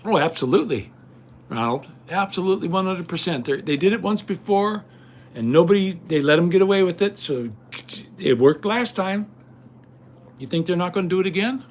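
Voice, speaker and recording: An older man rambles and rants to his stream viewers with growing indignation. His voice sits a bit higher than most men's, and a faint hiss runs under the recording. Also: lively intonation, normal speed. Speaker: livestream host. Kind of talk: casual rant to viewers.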